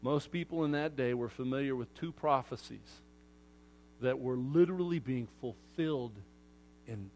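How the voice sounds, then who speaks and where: A man preaching a sermon to his congregation in a lively way, acting out crowd voices and moving from loud outbursts to hushed asides. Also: medium pitch, moderate pace, slight background noise. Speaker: pastor.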